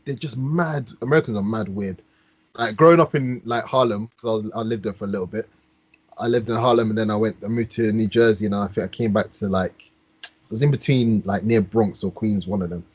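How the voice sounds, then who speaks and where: A mid-range, fairly quick voice, a little mellow and dryly recorded, belongs to a London podcast host. With his London accent and plenty of slang, he tells animated stories casually over a dull, dry podcast mic.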